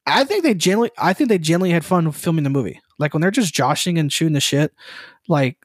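A slightly high-voiced man co-hosting a casual gaming podcast, rambling through rants with frequent swearing and laughter. His voice sits close and dry on the mic. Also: animated, quick pace, no echo. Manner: profane, rambling, laughs often. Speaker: podcast co-host.

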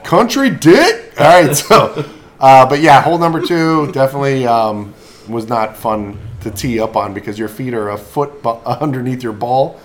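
A man's voice: mid-range voice, moderate pace. A man hosting a casual chat, telling rambling stories and laughing often. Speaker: podcast host.

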